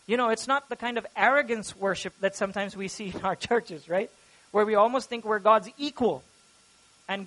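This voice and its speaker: A pastor delivering a sermon, a man with a notably high-pitched voice. He preaches earnestly, growing loud and animated when voicing prayers aloud. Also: a little fast, poor audio.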